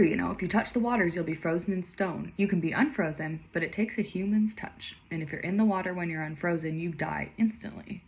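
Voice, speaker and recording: A woman reading aloud a story she wrote and commenting on it with sarcastic asides. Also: lowish voice. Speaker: author reading her own old story.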